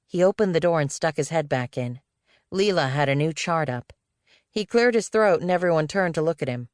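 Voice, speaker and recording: A woman narrates an audiobook in a steady, measured way. Her voice sits low. The studio sound is close and dry. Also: no echo. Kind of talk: scripted narration. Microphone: studio microphone.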